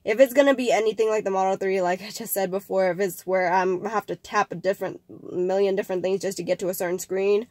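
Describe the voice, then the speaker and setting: A woman's voice: medium pitch, no echo. A young woman hosting a casual vlog, talking to camera in a chatty, rambling way and sounding a little nasal from a cold. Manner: chatty, rambling, with fillers and restarts. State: slightly nasal, getting over a cold. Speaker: vlog host.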